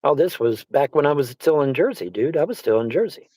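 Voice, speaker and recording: A man's voice: on the high side, lively intonation, a little fast, a little mellow, dry recording, rough recording. A man chatting casually as a livestream guest, rambling, repeating himself and swearing often. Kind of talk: casual chat.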